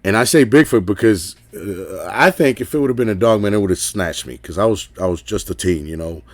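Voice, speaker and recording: A man's voice: lowish voice, expressive, a little fast, dry recording. A middle-aged man tells a story in a casual, rambling way, full of fillers and asking "right?". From Texas. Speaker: caller sharing an encounter.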